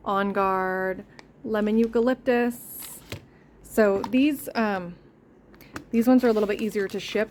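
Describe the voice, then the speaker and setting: A woman's voice: mid-range voice, a little mellow, slight background noise. Chatty, easily sidetracked woman vlogging. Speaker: homesteading vlogger. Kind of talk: casual vlog chat. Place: indoors at home.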